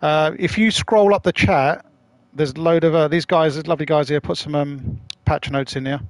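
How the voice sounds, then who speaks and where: A man's voice: fairly high pitch, normal speed, dry recording. A man chatting casually to his live-stream audience as he plays, rambling, swearing and using slang. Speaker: gaming streamer.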